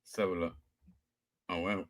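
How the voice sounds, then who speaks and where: A man's voice: low voice, little pitch movement, fairly bright tone, no room sound. Laughing, swearing British man hosting a quiz. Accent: British English. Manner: laughs a lot, swears casually, reads riddles slowly. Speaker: livestream quiz host. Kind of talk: casual livestream chat.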